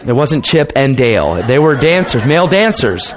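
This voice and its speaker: A preacher, a man, shares a testimony in a relaxed, conversational tone. He slips into the voices of the people in his story as he tells it. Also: mid-range voice, normal speed, a crowd in the background. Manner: casual and conversational, calls people man and dude; acts out quoted people in dialogue.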